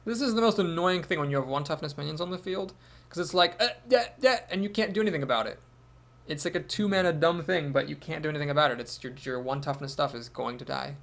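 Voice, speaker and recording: A man's voice: fairly high pitch, fast talker, gravelly, a bit bright. A man thinking aloud as he commentates his own card game, with wry asides. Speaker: gameplay commentator.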